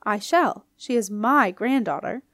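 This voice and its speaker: A woman's voice: fairly high pitch, lively intonation, measured pace, dry recording, clean studio sound. A woman reading aloud and voicing a fussy, bossy old ghost queen who huffs and scolds. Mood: bossy, huffy. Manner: bossy, huffing, imperious.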